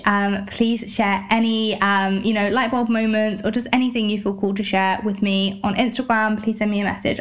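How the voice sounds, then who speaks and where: A British woman hosting a solo podcast, talking candidly with lots of swearing and many "like" and "you know" fillers. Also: medium pitch. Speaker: podcast host.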